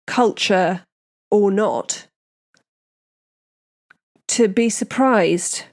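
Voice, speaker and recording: A woman's voice: mid-range voice, darkish tone. A woman hosting a true crime podcast, recapping a case in a casual, indignant, opinionated way.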